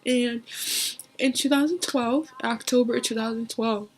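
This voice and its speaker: A young woman telling a personal story to camera, halting and emotional, often dropping to a whisper, with many fillers. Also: on the high side, rough recording. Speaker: vlogger.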